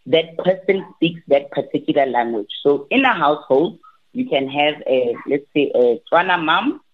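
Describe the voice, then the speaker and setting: Animated woman on a tinny line. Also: low-pitched, normal speed. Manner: animated, repeats and restarts, acts out quotes. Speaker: language academy teacher, guest. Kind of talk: interview answers, advice.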